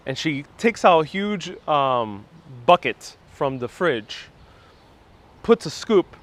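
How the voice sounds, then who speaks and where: A man from New York City in his thirties, livestreaming a walking tour outdoors on a wireless lapel mic and telling childhood stories in a casual, animated way. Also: on the high side. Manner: animated storyteller, reads viewer comments aloud. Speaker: vlogger giving a live walking tour. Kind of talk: casual live-stream storytelling.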